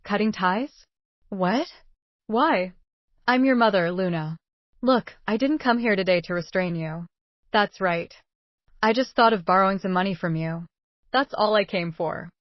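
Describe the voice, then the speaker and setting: A woman's voice: mid-range voice, unhurried, pauses often, no echo, lo-fi sound, natural voice. A woman voicing a clueless, controlling middle-aged mother who talks in a nonchalant, wheedling way. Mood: flustered.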